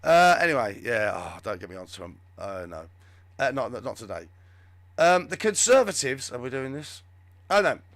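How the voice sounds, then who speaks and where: A man's voice: mid-range voice, very animated, moderate pace, fairly bright tone, no echo. A man hosting a live show, giving rambling, sarcastic, off-the-cuff commentary on the news. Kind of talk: live political commentary chat.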